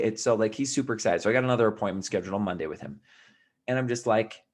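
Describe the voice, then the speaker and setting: Low-voiced man rambling through a story. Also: very fast. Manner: rambling, restarts often, drops into a quiet mutter. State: tired. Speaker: vlogger. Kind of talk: casual storytelling to camera.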